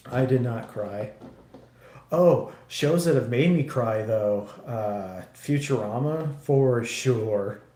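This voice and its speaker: Male streamer, unhurried and profane, rambling casual chat, roomy sound. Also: mid-range voice, dark tone. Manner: rambling and profane, many restarts. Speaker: livestreamer. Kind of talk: casual chat while building a model kit.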